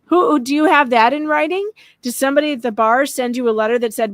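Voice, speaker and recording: A woman's voice: high-pitched, quick pace, hardly any pauses, dry recording. A woman joining a live stream as co-host, chatting casually and agreeing in short wry remarks. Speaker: co-host guest.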